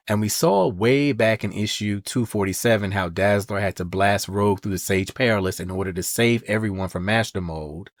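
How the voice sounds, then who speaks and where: Low-voiced man recapping comics, dry sound. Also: no room sound. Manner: storytelling, acts out characters' lines in quotes. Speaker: podcast host.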